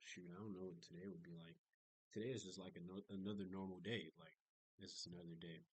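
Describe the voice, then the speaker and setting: A man's voice: low-pitched, fairly even intonation, quick pace, dry recording, rough recording. Young man rambling in a chatty diary. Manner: rambling, chatty storytelling with many fillers and restarts. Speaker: vlogger. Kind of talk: casual video diary.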